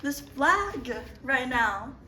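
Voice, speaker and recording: A woman acts out a mopey would-be advertiser, talking slowly and theatrically with a bright, sharp tone. She sounds far from the mic in an echoey room with faint background ambience. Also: sits high, sing-song, slight background noise, full character voice. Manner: sighing, dramatic, slow and drawn out. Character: woman longing to advertise a flag. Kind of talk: comedic fake ad skit.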